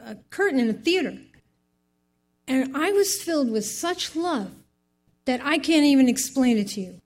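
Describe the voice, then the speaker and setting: A woman's voice: a little high, darkish tone. An older woman giving a heartfelt personal faith testimony, rambling through her story with many asides.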